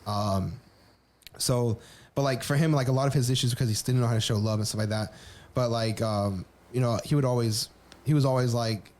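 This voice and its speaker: Dude on a podcast rattling off his life story real quick, lots of restarts, swears casually, normal pitch. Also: fairly even intonation, a little mellow. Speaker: podcast co-host. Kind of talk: candid personal storytelling.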